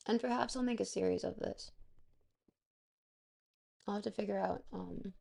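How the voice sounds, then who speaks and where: A woman chatting casually on a livestream, her voice full of heavy, gravelly vocal fry. She hesitates often and searches for words, then slips into quaintly formal, theatrical turns of phrase. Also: medium pitch, normal speed, mellow. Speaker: livestreamer reading aloud to chat. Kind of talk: casual livestream chat and reading aloud.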